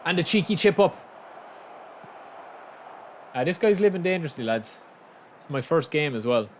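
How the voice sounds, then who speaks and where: A young man chatting casually and commentating live on his own football game, bursting into excited shouts at big moments. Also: a little high, normal speed, a little hiss or hum. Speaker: game streamer.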